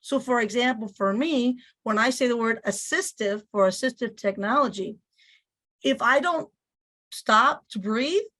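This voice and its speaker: A woman teacher with a Spanish accent and a slight lisp, explaining a software tool step by step. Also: a little high, expressive, a little slow. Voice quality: slight lisp on some words. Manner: explanatory, repeats phrases, voices on-screen prompts. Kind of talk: instructional screen-share walkthrough.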